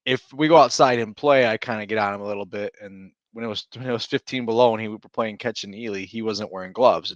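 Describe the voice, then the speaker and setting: Rambling stay-at-home dad. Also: male voice, mid-range voice, fast talker, no echo. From Minnesota. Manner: rambling, self-interrupting, laughs while telling stories. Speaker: podcast co-host. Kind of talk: casual chat.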